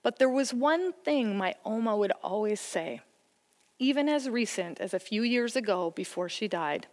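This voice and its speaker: A woman's voice: on the high side, lively intonation, moderate pace. Earnest woman preaching in a reverberant hall. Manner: earnest, encouraging, story-telling. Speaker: church speaker on family faith. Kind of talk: sermon talk.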